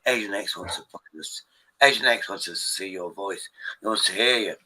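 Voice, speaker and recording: A man's voice: low-pitched, normal speed, bright, forceful tone, rough recording. A man hosting a live stream, rambling in casual chat with his viewers, swearing freely and restarting his sentences often.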